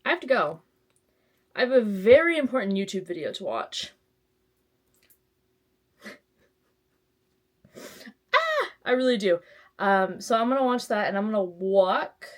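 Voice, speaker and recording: A woman's voice: mid-range voice, expressive, moderate pace, long pauses. A young woman from Texas chatting casually to camera in a home vlog, self-mocking, with sudden squeals and whispered asides. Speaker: book vlogger.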